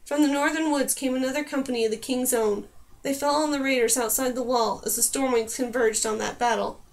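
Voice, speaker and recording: A woman reads a fantasy novel aloud in a steady, even storytelling voice. Her pitch sits high for a woman. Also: fairly quick. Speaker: audiobook narrator. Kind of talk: audiobook reading of a fantasy novel.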